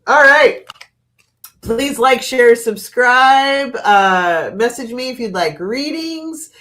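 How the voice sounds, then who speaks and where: A woman's voice: on the high side, expressive, slow, pushed and bright. A middle-aged woman hosting a live tarot reading, chatty and laughing often, with casual swearing.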